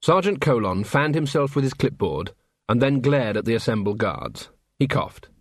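A man narrating an audiobook in a lively, expressive way with dry wit. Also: medium pitch, normal speed, dry recording. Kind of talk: audiobook narration of a comic fantasy novel.

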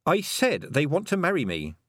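A man reading aloud, voicing a stubborn young girl witch in an emphatic, high-pitched way. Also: wildly swooping pitch, moderate pace, fairly bright tone, no room sound, studio quality, full character voice. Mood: indignant.

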